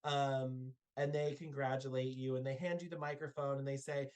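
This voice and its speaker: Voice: medium pitch, steady tone, fairly quick, hardly any pauses, darkish tone. Game master wrapping up a live game show, chatty, lots of ums, mid voice. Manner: loose, with frequent fillers. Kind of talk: narrating and hosting a live tabletop game.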